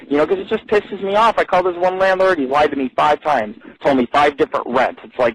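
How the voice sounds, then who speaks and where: A man hosting his own radio show from the street, talking in a profane, rambling monologue and jumping up in pitch when he gets worked up. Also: fairly quick, husky, no echo, poor audio. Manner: profane, animated, voice jumps high when agitated. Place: outdoors on a street.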